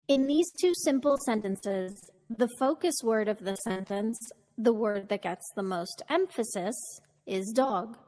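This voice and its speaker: Woman, podcast teacher, slow, careful, clearly paced. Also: on the high side, darkish tone, low-quality recording. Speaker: podcast host teaching intonation. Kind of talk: scripted podcast lesson.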